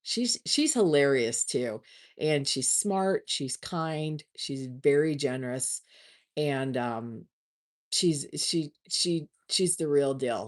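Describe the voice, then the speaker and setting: A woman hosting a casual livestream, chatting warmly with viewers and often restarting her words. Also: very deep voice. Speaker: livestream host.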